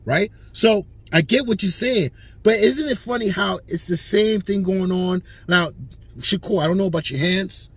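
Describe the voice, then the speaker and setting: A man's voice: a little high, fairly bright tone, husky. A man hosting a boxing talk show, ranting with lots of swearing and talking straight at the fighter. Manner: profane, emphatic, talks straight at the fighter. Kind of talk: animated opinion rant.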